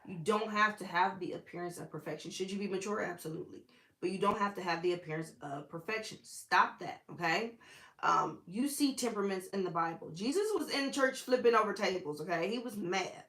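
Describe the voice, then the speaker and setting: A woman's voice: medium pitch, fairly quick, fairly bright tone, roomy sound. A woman preacher, teaching the Bible in a casual, chatty way with sassy asides.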